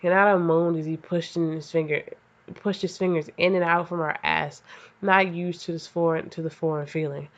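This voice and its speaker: A woman's voice: on the low side, steady tone, normal speed. A woman hosting a comedic fan fiction reading, stumbling over the text and breaking off into profane, self-mocking asides. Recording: slightly dull lo-fi audio.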